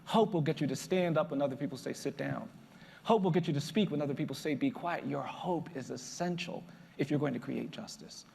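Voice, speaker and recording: Gravelly man giving a rousing speech. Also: fairly high pitch, quick pace, darkish tone. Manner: emphatic, building repetition. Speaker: lawyer and public speaker. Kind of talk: motivational speech. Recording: echoey hall reverb.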